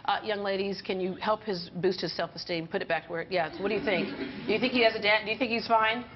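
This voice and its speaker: A woman hosting a live TV talk show, chatting brightly and laughing often with her guests and studio audience. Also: medium pitch, quick pace, noisy background. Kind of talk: lively morning show chat. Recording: dull TV broadcast audio with audience chatter.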